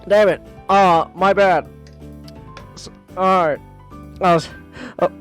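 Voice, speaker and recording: A man with a high voice talks slowly while streaming a visual novel, with faint music in the background. He reads the narration aloud and chats casually, rambling in an animated way and repeating words as he goes.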